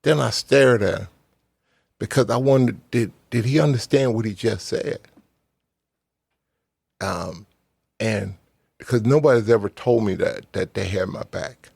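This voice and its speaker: Gravelly-voiced man telling a story. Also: lowish voice, darkish tone, no echo. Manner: earnest, plain-spoken, pauses with "um". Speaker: guest, former football player. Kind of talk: storytelling in a casual chat.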